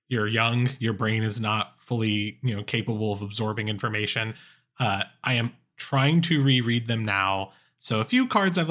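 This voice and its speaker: A man hosting a podcast, asking questions in a halting way with many fillers. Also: medium pitch, fairly bright tone. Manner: halting, searching for words. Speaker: podcast host. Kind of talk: casual podcast interview.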